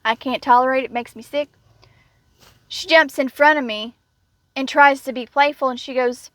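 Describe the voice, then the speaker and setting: Blunt, indignant woman with a high voice. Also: measured pace, pauses often, sharp tone, dry recording. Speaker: vlogger. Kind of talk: casual storytelling rant.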